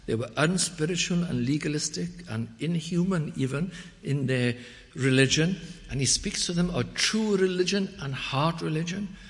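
Fervent preacher man with bright tone. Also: medium pitch. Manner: rises to loud proclamation, then drops to quiet reflection; dramatic, quoting scripture in old-fashioned wording. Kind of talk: sermon. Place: church. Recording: long hall reverb.

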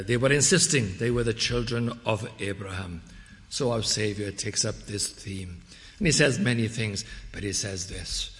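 Male preacher, evening sermon, emphatic swings between loud and hushed, scripture quoted solemnly, long hall reverb. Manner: emphatic, rising to loud exhortation then dropping low.

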